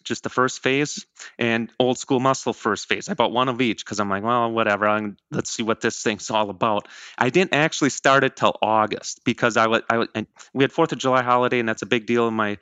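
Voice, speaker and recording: A man's voice: on the low side, sharp tone, smooth, no room sound. A man around fifty, talking earnestly as a program member in a casual interview, often restarting and correcting himself. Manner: rambling, self-correcting, earnest.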